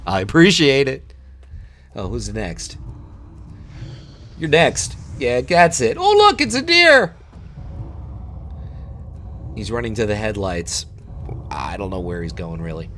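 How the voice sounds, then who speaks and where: A man's voice: mid-range voice, huge pitch swings, measured pace, pauses often, fairly bright tone, a little hiss or hum. A man recording voiceover commentary over his gameplay, joking and taunting the players he fights.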